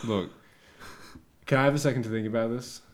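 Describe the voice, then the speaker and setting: A man's voice: mid-range voice, fairly even intonation, a little fast, crowd noise, lightly acted. A man playing an easygoing hippie sidekick in improvised comedy, laid-back and agreeable. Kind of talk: improvised comedy role-play. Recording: loud noisy background with clicks.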